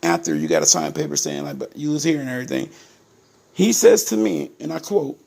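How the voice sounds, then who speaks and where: A man with a high, gravelly, husky voice tells his own story to his viewers. He is indignant and emphatic, keeps calling out to them and repeats words for stress. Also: big pitch swings, fairly quick, darkish tone.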